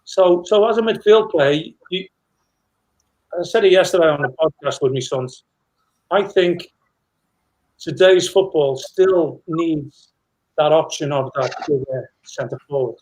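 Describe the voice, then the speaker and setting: A man's voice: on the high side, a little slow, long pauses, darkish tone, poor audio. A middle-aged man, a former footballer, telling anecdotes in a rambling casual chat with many restarts.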